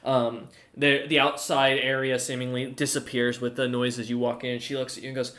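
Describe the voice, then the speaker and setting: A man's voice: mid-range voice, flat delivery, fairly quick, bright, forceful tone. A man narrating a tabletop game as game master, rambling with lots of ums and uhs.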